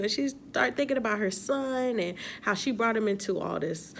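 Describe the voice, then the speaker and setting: A woman's voice: a little high, expressive, normal speed, vocal fry, a little hiss or hum. Chatty woman recapping a TV episode. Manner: chatty, exasperated, laughing asides. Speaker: TV episode reviewer. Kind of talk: casual recap and commentary.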